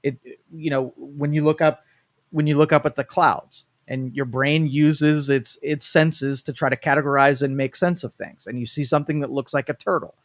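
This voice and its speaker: A man's voice: on the high side, steady tone, normal speed, no room sound. A man co-hosting a live talk show, thinking aloud at length and restarting his sentences as he explains his views. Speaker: co-host. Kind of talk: casual talk show discussion. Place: studio.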